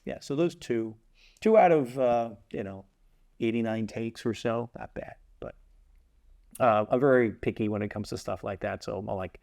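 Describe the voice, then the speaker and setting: This is a man with a gravelly, creaky voice. He hosts a theater chat show and talks in a loose, meandering way, doubling back on his words and slipping in jokes at his own expense. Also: fairly low pitch, moderate pace, a little mellow. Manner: rambling, joking, restarts often. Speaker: community theater podcast host and epilogue writer. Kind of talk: casual rambling chat with self-mocking jokes.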